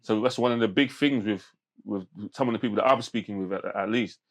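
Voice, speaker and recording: A man, a podcast guest telling stories in animated street slang with many restarts. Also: on the low side, fast. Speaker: podcast guest, men's mental health campaigner. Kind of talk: casual podcast conversation.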